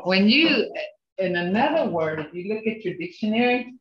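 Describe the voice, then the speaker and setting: A man teaching a language class over a video call, slowly repeating words to show how tone changes meaning. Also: high voice, sing-song. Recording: roomy, dull video call audio.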